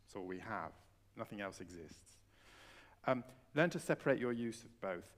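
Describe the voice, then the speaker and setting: A man leading a piano masterclass on a concert hall stage, coaching a student with expressive enthusiasm. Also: on the low side, moderate pace. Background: piano playing.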